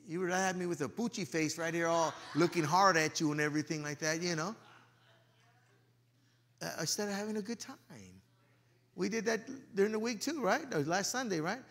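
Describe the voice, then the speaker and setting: A male pastor giving a joking, lively sermon, swinging from loud preaching to low muttered asides and slipping into everyday slang. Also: fairly quick.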